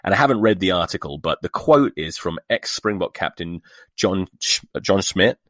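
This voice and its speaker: A sweary man hosts his own podcast in a lowish voice, dripping with sarcasm and exasperation. The recording is dry and close, with no room sound around him. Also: expressive, normal speed, a bit bright, no room sound. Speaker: podcast host. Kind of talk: solo podcast rant.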